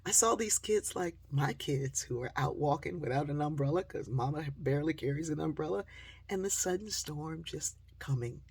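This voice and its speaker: Gravelly-voiced woman storyteller with a deeply husky tone, speaking straight to the audience and giving the people in her story their own voices. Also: normal speed. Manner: lively storyteller who acts out quoted voices.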